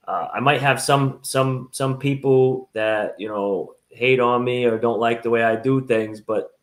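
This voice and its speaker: A man interviewing a fitness coach, speaking in a halting way with many fillers and restarts. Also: medium pitch, fairly even intonation. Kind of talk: casual interview conversation.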